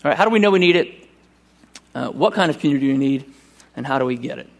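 A male pastor preaching a sermon at a church service with earnest urgency, slowing down to read scripture deliberately. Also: mid-range voice, lively intonation.

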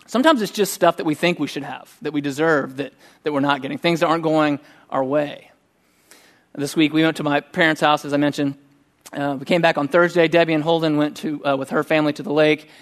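A middle-aged man preaching a sermon, telling a personal story in a conversational, animated way. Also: on the high side, fairly quick. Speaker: pastor.

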